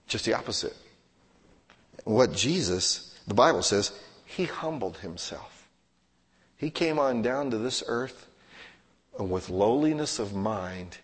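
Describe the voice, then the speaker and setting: A male pastor preaching a sermon, swinging from hushed to loud and acting out everyday scenes in quoted voices. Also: medium pitch, expressive, measured pace, husky. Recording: long hall reverb.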